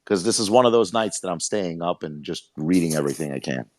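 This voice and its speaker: A man's voice: deep voice, fast. A man with a New York accent from Brooklyn, telling emphatic stories in a casual online group chat. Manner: emphatic, animated storyteller.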